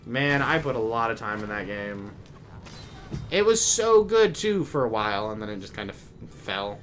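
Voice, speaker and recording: A man's voice: fairly low pitch, big pitch swings, moderate pace, a bit bright, soft background music. A man streaming a video game, chatting casually and rambling off-topic, often trailing off mid-sentence. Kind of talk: casual gameplay commentary.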